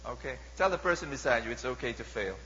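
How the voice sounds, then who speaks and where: Bright-voiced Filipino preacher in a reverberant hall. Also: male voice, mid-range voice, quick pace. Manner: animated, mixing languages, repeats and rhetorical questions to the crowd. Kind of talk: sermon. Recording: dull lo-fi sound with long hall reverb and faint hum.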